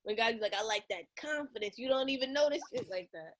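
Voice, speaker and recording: A young woman hosting an interview in a relaxed, slangy, casual way, teasing her guest. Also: fairly high pitch, fast talker. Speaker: interview host. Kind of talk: casual chat.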